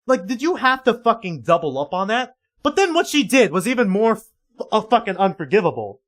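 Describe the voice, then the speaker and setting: A man's voice: high-pitched, big pitch swings, fairly quick, fairly bright tone. A man livestreaming casual reaction commentary, rambling and swearing heavily in an exasperated way.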